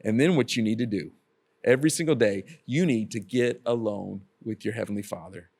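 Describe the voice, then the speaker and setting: A man's voice: on the low side, a little fast, a little mellow, slightly rough. A man preaching a casual devotional sermon, earnest and repeating his exhortations to the listener.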